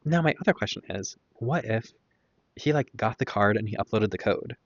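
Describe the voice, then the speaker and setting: A man's voice: lowish voice, lively intonation, normal speed, dry recording, lo-fi sound. A man hosting a casual podcast, rambling and opinionated with lots of fillers and tangents. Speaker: podcast host. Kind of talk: casual stream-of-consciousness commentary.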